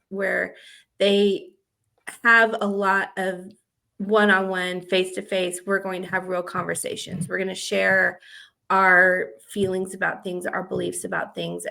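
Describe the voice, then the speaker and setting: A woman's voice: mid-range voice, flat delivery, a little slow, gravelly, pushed and bright. A woman from the American South co-hosting a romance writing podcast, talking in a chatty, rambling way with lots of fillers. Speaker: podcast co-host and romance author. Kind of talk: casual chat.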